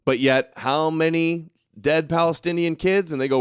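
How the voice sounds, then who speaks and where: Sarcastic livestream host guy ranting, smooth clear voice, dry close sound. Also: fairly high pitch, fairly even intonation, normal speed, no echo. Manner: sarcastic, mocking, reads chat comments aloud; heated, indignant ranting. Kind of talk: casual political commentary livestream.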